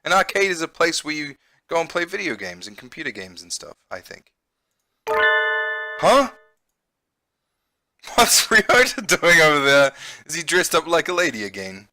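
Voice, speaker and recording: A man's voice: on the high side, very animated, unhurried, long pauses, bright, forceful tone. A man, an English conversation teacher, playing a dating game on a close mic, amused and laughing often while explaining words. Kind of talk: game let's-play commentary.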